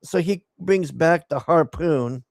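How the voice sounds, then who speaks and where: A man's voice: fairly high pitch, slow pace, creaky, no echo, studio quality. A man giving a profane, exasperated recap of a movie he hated, scornful of its plot. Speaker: movie reviewer. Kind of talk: casual ranting movie recap.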